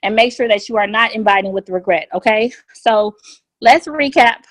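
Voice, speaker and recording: A woman with a fairly high voice gives an upbeat motivational training over a conference line. She drives her points home by repeating key phrases again and again. Her voice sounds dry and close, with no room echo. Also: normal speed. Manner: energetic and repetitive, hammers home key phrases. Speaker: business opportunity trainer on a conference call. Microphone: phone conference line.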